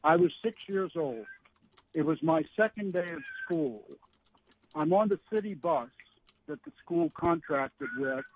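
A man's voice: fairly high pitch, expressive, measured pace, slight background noise. A man in his sixties calling in to a radio show, wry and rambling as he tells a story, with frequent restarts. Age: 60s. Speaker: caller. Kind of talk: call-in radio chat. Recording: phone line.

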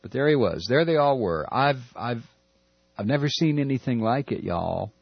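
Heated guy ranting on the radio, lots of stammering, kinda husky, voice jumps up and down, dry muffled sound. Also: medium pitch, animated, normal speed, no echo. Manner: impassioned, stammering, sarcastic. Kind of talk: political rant monologue. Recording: dull lo-fi recording.

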